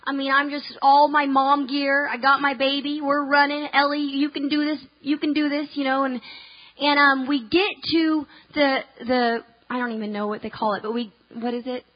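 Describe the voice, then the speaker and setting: A woman's voice: high voice, level tone, normal speed, lo-fi sound. A young woman preaching at a church conference, telling a personal story in a chatty way, with lots of ums and restarts and laughing asides. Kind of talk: storytelling sermon.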